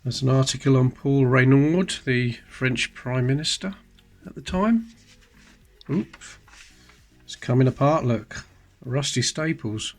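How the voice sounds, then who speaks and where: A man with a middling voice talks casually through an old magazine, chatty and full of wry asides. Faint music plays softly behind him. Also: medium pitch, takes it slowly, long pauses. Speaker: coin-collecting channel host. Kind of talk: casual show-and-tell commentary.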